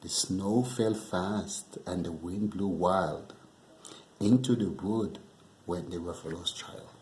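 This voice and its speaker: Slow, expressive male teacher reading aloud. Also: deep voice, a little hiss or hum. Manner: lively, expressive read-aloud. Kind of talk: online lesson with storybook read-aloud. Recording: echoey room.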